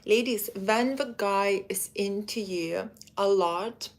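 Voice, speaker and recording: A woman giving dating advice in a live stream, talking straight to her female viewers in a chatty, direct way. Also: medium pitch. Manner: acts out quoted men in quick put-on voices. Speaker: dating coach.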